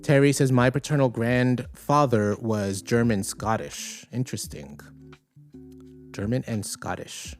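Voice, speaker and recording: With faint music behind him, a man in a mid-range voice hosts a livestream podcast at an unhurried pace. He's laid-back and chatty, reading viewer comments and musing aloud with plenty of fillers.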